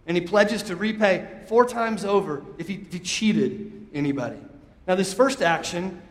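A male pastor whose voice sits high preaches at a normal speed in a church sanctuary. His emphatic, conversational delivery invites call-and-response from the congregation, and the echoey hall produces long reverb.

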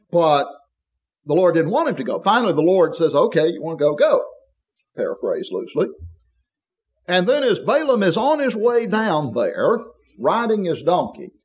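Husky guy preaching, lively pitch that jumps way up, kinda dull lo-fi sound. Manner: animated storytelling, voice rising high when excited. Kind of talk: sermon.

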